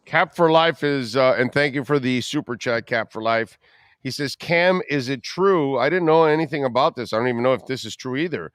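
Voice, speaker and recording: A man hosting a sports radio show, talking bluntly and swearing freely as he tells animated stories. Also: medium pitch, brisk, clear, resonant tone, no room sound. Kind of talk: casual sports talk.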